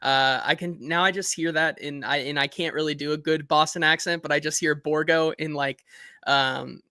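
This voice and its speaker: Male sports podcast host, bright forceful tone, animated delivery, dry close sound. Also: fairly high pitch, moderate pace, smooth, no echo. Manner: animated, reads listener comments aloud. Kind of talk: casual sports talk.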